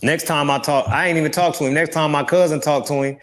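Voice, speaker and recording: A man in a recorded interview, telling a story in an animated, blunt and profane way. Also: on the high side, fast. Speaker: interview guest.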